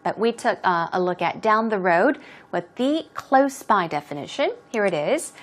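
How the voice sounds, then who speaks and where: A woman's voice: mid-range voice, expressive. A woman teaching English expressions, explaining words patiently and modeling pronunciation. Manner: clear, patient, drawn-out teaching delivery.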